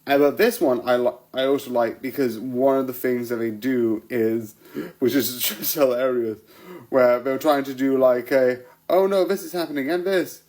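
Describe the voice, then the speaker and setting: A man's voice: medium pitch, level tone, normal speed, a little mellow, low-quality recording. A man rambling casually about TV episodes, laughing often and restarting his sentences as he goes. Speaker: vlogger reviewing TV episodes.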